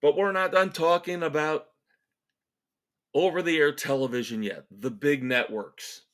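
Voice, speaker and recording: A man's voice: fairly high pitch, measured pace, fairly bright tone. A man hosting a music podcast, ranting in a sarcastic, exasperated and emphatic way. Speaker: podcast host. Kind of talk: opinionated solo rant.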